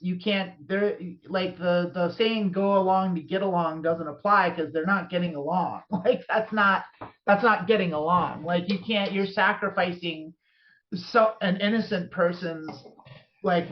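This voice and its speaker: A podcast co-host talking in casual chat, heated and rambling, with many restarts. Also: female voice, lowish voice. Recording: dull lo-fi sound.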